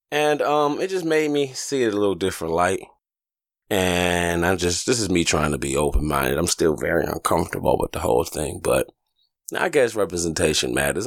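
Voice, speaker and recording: A man hosts a casual solo podcast while recovering from a stomach flu, telling stories in a loose, profane, animated way and suddenly jumping into high, jokey voices. The audio is studio quality with no room sound.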